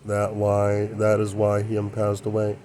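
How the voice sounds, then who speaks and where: A channel host delivers a rambling monologue in a lowish, monotone voice with a dark tone, speaking unhurriedly. He keeps repeating short affirmations like "yeah, that's true." Slight background noise is audible.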